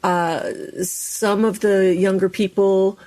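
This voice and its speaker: A middle-aged woman, a speech and dialect coach, explaining in a lively, chatty way as a podcast guest. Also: mid-range voice, slow.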